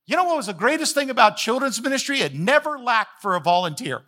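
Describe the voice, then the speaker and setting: A man's voice: very high-pitched, sing-song, fast, sharp tone. A man preaching a sermon as the pastor, folksy and emphatic, repeating phrases to drive points home.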